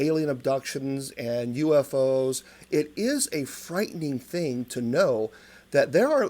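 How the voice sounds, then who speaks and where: A man's voice: on the high side, darkish tone. A man hosting an interview, speaking hesitantly with many restarts as he comments and asks questions. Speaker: interview host.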